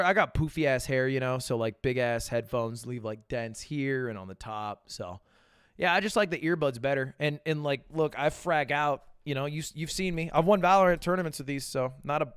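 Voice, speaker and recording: A man's voice: mid-range voice, brisk, clear, resonant tone, no echo, studio quality. A man streaming live, answering viewer questions in loose, profane chat full of stammered restarts.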